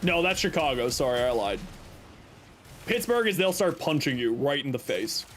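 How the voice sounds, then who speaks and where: A man's voice: medium pitch, moderate pace, soft background music. A young man chatting casually with viewers on a game stream, playful and teasing. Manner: playful, teasing, joking deadpan bits. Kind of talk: casual live-stream chat.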